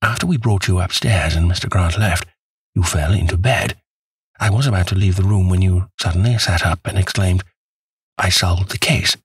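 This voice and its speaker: Brief: male narrator doing a cool analytical detective, deep and husky, calm and teasing. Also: moderate pace, no echo. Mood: dry composure. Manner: calm, clinical, faintly teasing.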